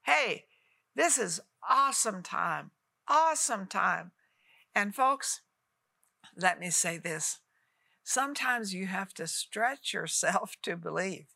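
A woman in her eighties, a TV minister, teaching and praying with fervent, exhorting delivery and sudden rises in pitch. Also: animated, slow pace, gravelly, sharp tone, dry recording, clean studio sound. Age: 80s. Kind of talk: televised ministry teaching and prayer.

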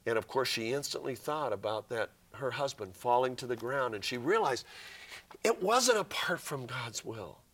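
A man's voice: medium pitch, lively intonation, normal speed, fairly bright tone. A man, a guest author on a Christian interview program, telling a story in an earnest way and reading scripture passages aloud with feeling.

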